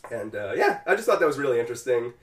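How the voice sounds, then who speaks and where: A man's voice: medium pitch, sing-song, rapid-fire, roomy sound, far from the mic. A man co-hosting a podcast, casually retelling a game scene and acting out the characters' lines, swearing freely. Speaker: podcast co-host.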